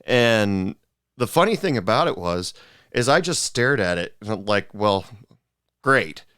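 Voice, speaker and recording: A man hosting a podcast, telling stories in a relaxed, halting way with lots of ums and restarts. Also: lowish voice, clean tone, no echo, studio quality. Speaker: podcast host. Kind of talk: casual chat.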